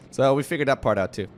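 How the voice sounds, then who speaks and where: A man's voice: medium pitch, a little hiss or hum. A young man from the Netherlands, casually retelling history as a streamer in a playful, slangy way, acting out quotes in goofy voices.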